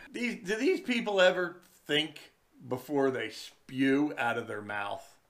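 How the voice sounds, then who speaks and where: Slow, wry storytelling man. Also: a little high, a bit bright. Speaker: fishing charter captain. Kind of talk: casual storytelling vlog. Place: indoors in his den.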